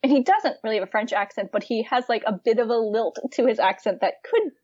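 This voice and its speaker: A young woman in casual chat about books and films, lively and giggly, full of fillers. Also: fairly high pitch, quick pace, dry recording, highs cut off.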